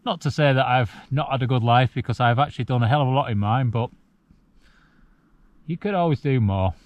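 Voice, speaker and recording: Relaxed man in his forties outdoors. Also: medium pitch, a little fast, no room sound, dull audio. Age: 40s. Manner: relaxed, reflective, chuckling now and then. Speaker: solo wild camping vlogger. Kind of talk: casual chat to camera. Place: outdoors on a cold mountain at night.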